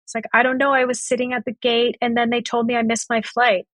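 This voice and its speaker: A woman's voice: a little high, fast, no room sound. Woman recounting a story, dry and close. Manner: animated retelling, acting out both sides of conversations. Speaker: podcast guest. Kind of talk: storytelling in a podcast interview.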